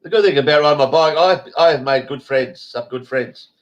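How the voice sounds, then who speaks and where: Dull lo-fi stream audio carries a brisk, slightly high male voice. The speaker is an Australian show host online, stuffy with congestion, who rambles casually, bluntly, and with plenty of swearing.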